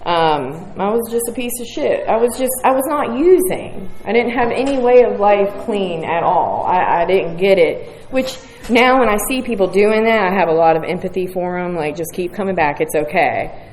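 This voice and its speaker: A woman from West Virginia speaks expressively at a moderate pace with hardly any pauses, her mid-range voice a little mellow. She tells her recovery story with frankness, profanity, and self-mockery, in a roomy hall with a faint audience and slight hiss or hum.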